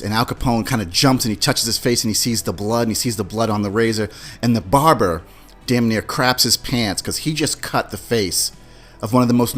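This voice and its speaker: Casual male podcast host retelling movie scenes. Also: mid-range voice. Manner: animated storyteller, mimics beeping sounds and movie lines.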